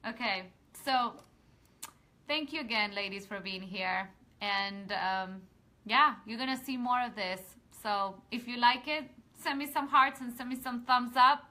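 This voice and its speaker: A woman speaks straight to her online viewers in a casual live stream, earnest and heartfelt. Her voice is bright and forceful and sits a little high, and she rambles and restarts her sentences before rallying her audience with rousing calls to action. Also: unhurried. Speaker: women's empowerment coach hosting a live video.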